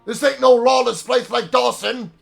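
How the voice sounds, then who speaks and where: A man's voice: very high voice, fairly even intonation, normal speed, creaky, faint music behind, pitched above the performer's own voice, heavily acted. A man voicing a cowardly, drunken male gambler who whines, stammers and begs. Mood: begging. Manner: whining, stammering, begging.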